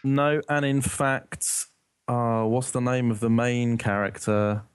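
A man's voice: medium pitch, flat delivery, takes it slowly, smooth, no room sound. A man from the UK in casual podcast chat, rambling and searching for words, laughing often.

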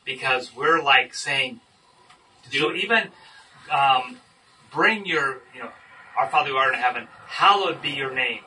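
Bright, animated man leading Bible study. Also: mid-range voice, a little slow. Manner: animated, emphatic teaching. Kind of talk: teaching discussion. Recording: distant mic with faint noise.

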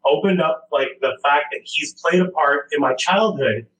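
A man's voice: fairly high pitch, moderate pace, a bit bright, roomy sound, rough recording. A man in his forties from Montreal, telling a story in casual chat with lots of fillers and restarts. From Montreal, Canada. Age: 40s.

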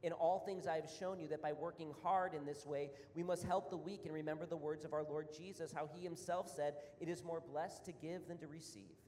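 A man's voice: a little high, fairly even intonation, fairly quick, hardly any pauses, darkish tone, a little hiss or hum. A man preaching a sermon as a pastor, reading scripture aloud and then explaining it in an earnest, emphatic way, a little out of breath. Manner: earnest, rising to emphatic repetition. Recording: long reverb of a hall.

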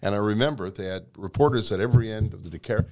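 A man hosting a casual interview chat, agreeable and quick to back up his guest. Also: lowish voice, darkish tone. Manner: agreeable, frequent backchannel "right". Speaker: host.

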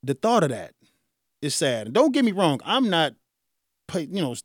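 A man in his forties hosting a radio talk show, speaking in a casual, animated way with frequent chuckles. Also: a little high, moderate pace, breathy edge, dry recording, studio quality. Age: 40s. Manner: animated, conversational, chuckles often. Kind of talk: solo talk radio monologue.

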